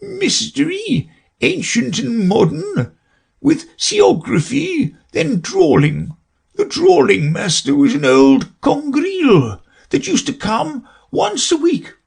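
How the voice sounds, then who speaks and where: Mock Turtle, high and weeping. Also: male voice, huge pitch swings, vocal fry, darkish tone, husky, full character voice. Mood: tearful. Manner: slow, high, tearful wail. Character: sobbing melancholy Mock Turtle, male, old.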